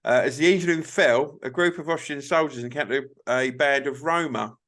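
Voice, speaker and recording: A man's voice: mid-range voice, moderate pace, a bit bright. A young man co-hosting a casual podcast chat, swearing often and breaking into laughs as he reads aloud. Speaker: podcast co-host.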